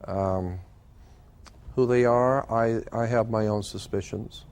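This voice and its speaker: An older man telling a personal story as an interview guest, earnest and halting, with frequent fillers and restarts. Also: fairly low pitch, steady tone, a little mellow, clear, resonant tone.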